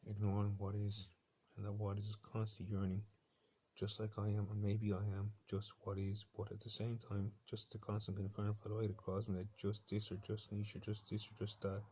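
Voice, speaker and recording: An intense Irish man rambles quickly through a defiant personal monologue. His low voice stays flat, with little rise or fall. Faint bird sounds play from a laptop behind him, and the audio is slightly rough.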